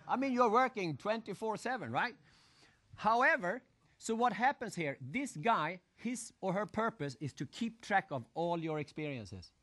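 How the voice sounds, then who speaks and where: A man giving a live motivational seminar talk, animated, acting out crowd shouts and putting questions to his audience. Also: sits high, normal speed. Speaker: motivational speaker.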